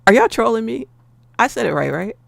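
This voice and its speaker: Casual american lady on a live stream, talking to chat, laughy, bit of vocal fry. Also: on the high side, very animated, a little fast, dry recording. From United States. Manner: playful, chatty, often laughing, talks straight to the chat. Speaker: live-stream trading host.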